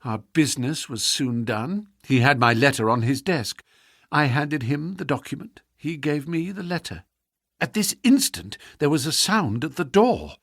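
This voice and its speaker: A man reading the part of an anxious young noblewoman confessing, in a hushed, urgent storybook voice. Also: fairly high pitch, animated, measured pace, creaky, dry recording, clean studio sound, heavily acted. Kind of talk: audiobook character voice.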